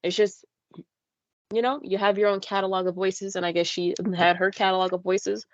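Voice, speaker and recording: A woman's voice: medium pitch, flat delivery, normal speed, no room sound, dull audio. A young woman co-hosting a podcast, chatting casually with lots of fillers and playful voice imitations. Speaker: podcast co-host. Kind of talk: casual chat. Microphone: podcast mic.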